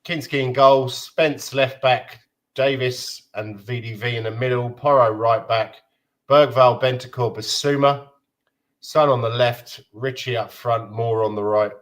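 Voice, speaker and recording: A man in easy football talk, rambling and hesitant, with plenty of fillers. His pitch sits in the middle of the range. He sounds unhurried and conversational. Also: steady tone. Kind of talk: casual football chat.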